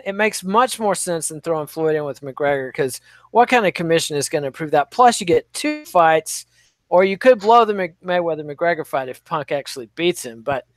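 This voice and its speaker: A man's voice: a little high, dry recording. A man co-hosting a podcast in casual chat, giving offhand, opinionated takes. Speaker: podcast co-host.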